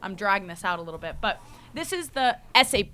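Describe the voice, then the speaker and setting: Bright-voiced woman telling a story. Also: mid-range voice, fast, smooth. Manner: rambling, animated storytelling with frequent "like" and laughs. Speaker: podcast host, university student. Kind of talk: casual chat.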